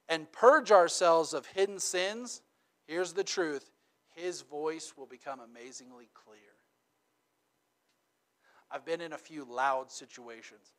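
Middle-aged guy preaching, kinda high voice, super chatty, keeps saying okay and right, goes from loud to really quiet. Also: slow pace, pauses often. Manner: dynamic, swinging from loud emphatic to quiet and intimate; conversational, checks in with "okay?" and "right?". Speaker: pastor. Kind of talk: sermon.

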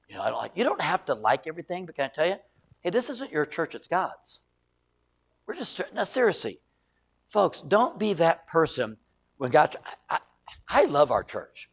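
A middle-aged male pastor preaching a sermon, telling stories with loud emphasis and quiet asides. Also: on the high side, brisk, vocal fry, breathy edge. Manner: animated storytelling, shifts between loud emphasis and quiet asides.

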